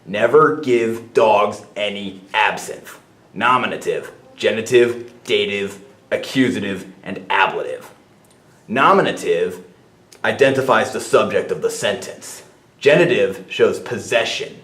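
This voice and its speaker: Guy teaching a lesson real slow and methodical, lowish voice, echoey room. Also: fairly bright tone. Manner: slow, methodical explaining, spelling out sounds. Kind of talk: spoken lesson. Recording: roomy echo.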